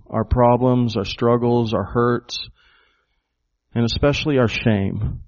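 A man's voice: mid-range voice, darkish tone, dull audio. A man preaching a sermon, emphatic and full of rhetorical questions to the congregation. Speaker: pastor.

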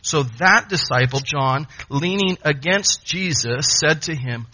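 A man preaching a sermon, emphatic, with dramatic pauses. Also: a little high, lively intonation, pushed and bright, dull audio.

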